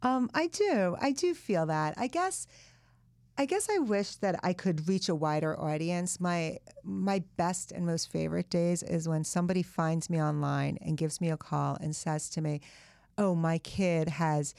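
A woman's voice: lowish voice, measured pace, gravelly, a little mellow, no room sound, clean studio sound. A woman author being interviewed on a podcast, speaking earnestly and thoughtfully in casual chat. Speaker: author and guest.

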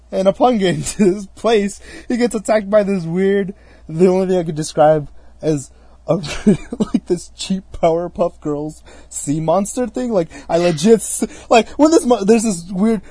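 A young man giving a casual, rambling spoken review of a video game, full of fillers and restarts, acting out scenes in quick asides. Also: a little high, warm tone, breathy edge, no echo.

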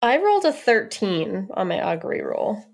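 A woman's voice: mid-range voice, very animated, normal speed, creaky, background noise. A woman playing a tabletop game, talking through the rules and laughing easily. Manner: chatty, explaining, giggly. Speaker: player.

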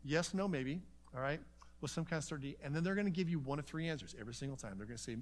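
Fast, animated man teaching a seminar. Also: a little high. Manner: animated storytelling, acts out conversations; conversational, with many asides. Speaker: conference seminar speaker.

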